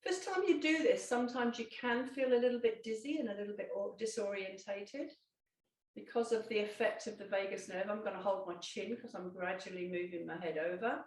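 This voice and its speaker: A woman, a Pilates instructor gently guiding a seated exercise, with calm instructions and small self-corrections. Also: medium pitch, fairly quick, recorded from a distance. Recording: echoey room, voice off-mic.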